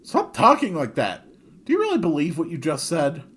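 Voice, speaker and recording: A man reading a gentle young hero. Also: a little high, huge pitch swings, normal speed, husky, full character voice. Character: earnest young male hero, gentle and encouraging. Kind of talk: video game dialogue reading.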